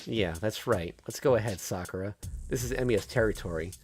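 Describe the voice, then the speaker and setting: A man's voice: on the low side, brisk, soft background music, natural voice. A man voicing a cruel teenage boy who bullies and threatens, reading a visual novel aloud. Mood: gloating. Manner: taunting, threatening.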